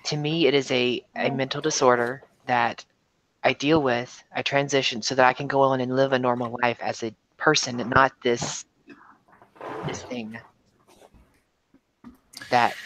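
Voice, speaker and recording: A woman talking as a guest on a live stream, speaking in a frank, casual way with quick reactions. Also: a bass voice, steady tone, slight background noise, low-quality recording. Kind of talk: casual chat.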